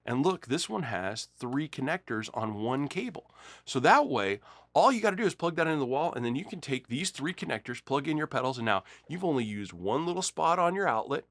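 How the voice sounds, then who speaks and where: A man hosts a guitar gear lesson, talking casually and acting out quoted dialogue with big leaps in pitch. His voice sits at an ordinary middle pitch. The sound is dry and close, with no room echo. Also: brisk. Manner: animated storyteller, acts out quoted dialogue with big pitch jumps. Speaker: music store host demonstrating guitar gear. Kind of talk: casual storytelling and gear demo.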